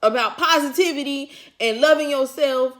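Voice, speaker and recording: A woman's voice: high-pitched, normal speed, a bit bright. A woman vlogger telling a personal story to her viewers in casual, colloquial chat, chuckling often as she talks. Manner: talks straight to the audience.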